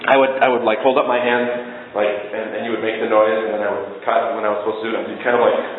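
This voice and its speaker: A man preaching a sermon to a congregation, animated and coaxing them to join in with noise. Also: on the low side, a little fast. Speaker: pastor. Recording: echoey hall, tinny lo-fi sound.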